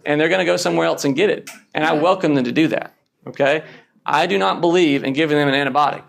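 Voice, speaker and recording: Blunt man in a lecture, gravelly, slightly high voice, keeps asking "okay?". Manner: blunt, punchy, frequent "okay?" check-ins. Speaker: emergency physician lecturing. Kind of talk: conference lecture.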